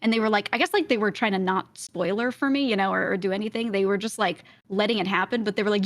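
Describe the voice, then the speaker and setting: A woman's voice: mid-range voice, lively intonation, a bit bright, dry recording, clean studio sound. A woman guest on a podcast, telling a long story in casual chat with frequent laughs. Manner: chatty storyteller, quick laughs.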